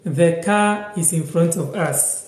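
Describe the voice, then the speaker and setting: High-voiced Ghanaian man teaching slowly. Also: roomy sound. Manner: repeats words slowly, reads out viewer comments. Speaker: language teacher on a live stream. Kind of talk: casual live-stream language lesson.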